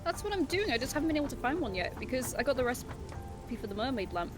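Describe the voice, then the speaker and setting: A woman's voice: high voice, sing-song, fast talker, music in the background. A British woman chatting casually while playing a game, swearing at it and laughing often. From Britain. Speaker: co-host gaming. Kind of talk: casual gaming chat.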